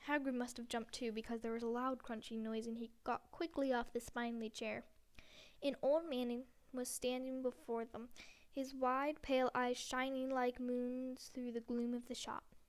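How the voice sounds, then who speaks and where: High, clear woman reading a storybook. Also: flat delivery, moderate pace. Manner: plain reading with frequent slips and self-corrections. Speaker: narrator. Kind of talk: audiobook reading of a novel.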